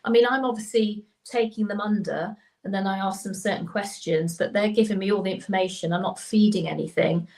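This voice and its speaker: A woman co-hosts a relaxed live chat, speaking as a tarot reader. She explains things with eager enthusiasm at a middle pitch and laughs easily along the way. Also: fairly quick, gravelly, few pauses, low-quality recording. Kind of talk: casual live-stream chat.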